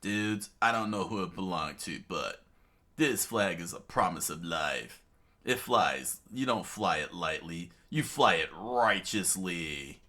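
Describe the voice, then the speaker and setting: A brash young pirate captain from a comic read aloud, voiced by a man, who talks in easygoing surfer slang and calls everyone dude. His voice sits low and unhurried. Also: animated, pushed and bright, heavily acted. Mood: solemn.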